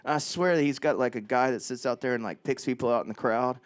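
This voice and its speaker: A man's voice: mid-range voice, fast talker, clear, resonant tone, dry recording. A man, a singer-songwriter, chatting between songs at a small live club, telling rambling, joking anecdotes into a stage mic. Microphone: stage vocal mic.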